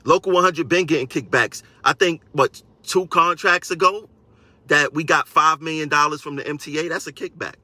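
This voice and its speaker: A man rants on a live stream to his fellow transit workers, hammering each point by saying it twice. His voice is forceful and tense, pitched a bit high, and it sounds dry and close with no room echo. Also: normal speed. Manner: combative, repeats phrases for emphasis. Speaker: transit union member. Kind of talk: live-stream rant to viewers.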